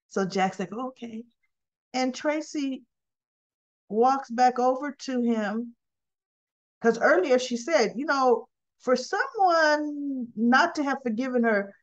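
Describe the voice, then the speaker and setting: A woman's voice: a little high, highs cut off. A woman casually retelling soap opera scenes and acting out the characters' lines. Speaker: soap opera recap host.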